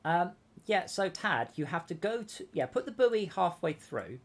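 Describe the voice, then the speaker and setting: Here the stream host is a man whose voice sits high and sounds very animated, though he takes his time. His talk is relaxed gaming chat as he instructs the other players through every step.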